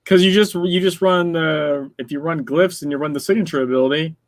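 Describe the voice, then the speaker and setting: A man co-hosting a casual gaming podcast, animated and quick with asides. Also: a little high, dry recording. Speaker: podcast co-host.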